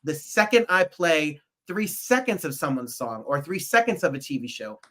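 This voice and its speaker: A man from New Jersey hosts a casual talk show, his voice bright and forward. He talks in a warm rush, circling back on himself as he goes. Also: fairly high pitch, sing-song, moderate pace. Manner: effusive, rambling. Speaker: host. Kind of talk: casual chat.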